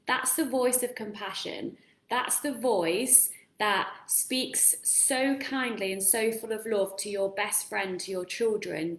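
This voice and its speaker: A woman coaching viewers in a casual live-stream talk, earnest and encouraging, asking them lots of questions. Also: medium pitch. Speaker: self-help coach. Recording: roomy echo.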